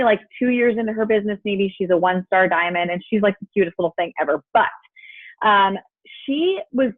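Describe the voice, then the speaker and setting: A woman's voice: mid-range voice, no echo. A woman telling a story on a group video call through an earbud, chatty and full of fillers and quoted dialogue. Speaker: team member sharing a story. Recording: tinny phone-like call audio.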